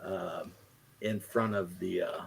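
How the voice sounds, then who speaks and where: A man who runs tabletop games, telling a story in relaxed casual chat. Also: sits low, slow, vocal fry, slight background noise. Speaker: game master.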